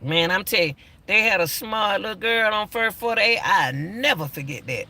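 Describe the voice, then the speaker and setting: Older guy ranting on his channel, kinda high voice, gravelly, repeats stuff. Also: expressive, normal speed, sharp tone, slight background noise. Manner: emphatic, repeats himself. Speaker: YouTube commentator. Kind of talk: casual commentary.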